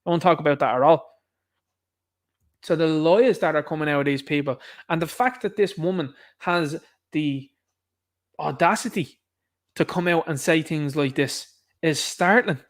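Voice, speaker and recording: A man hosts his own online show with a rant of political commentary. His voice sits fairly high for a man. He talks straight to the viewer, indignant and repetitive. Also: moderate pace, long pauses.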